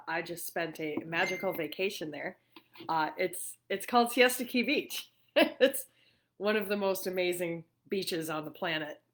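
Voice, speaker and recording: A middle-aged woman from New York hosts a casual livestream chat from her living room, talking freely with frequent fillers and laughs. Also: fairly low pitch. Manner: chatty, warm-hearted and laughing often, with many fillers. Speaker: livestream host.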